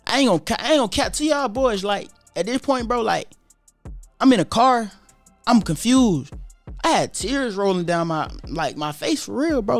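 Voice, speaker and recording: A young man from tells his story in a loose, voice, talking a little high for a guy. He rolls through street slang and swearing and jumps into the voices of the people he talks about. Soft music plays under him. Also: no echo. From Atlanta, USA. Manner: animated, profane street slang, acts out quoted voices. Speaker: YouTuber telling his story. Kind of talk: casual storytelling monologue.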